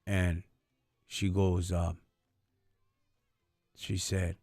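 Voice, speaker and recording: A man's voice: sits low, little pitch movement, extremely slow, darkish tone, no room sound, clean studio sound, soft background music. A man hosting a live stream, telling stories in a slangy, casual and earnest way. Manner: slangy and street-casual, often says "dog" and "homie"; earnest, faith-focused. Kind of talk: casual storytelling chat.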